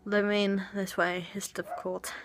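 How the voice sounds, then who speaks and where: A woman's voice: mid-range voice, flat delivery, unhurried, a little hiss or hum. A young woman talking hesitantly in a confessional vlog, with many restarts and sighs. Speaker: vlogger. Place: home.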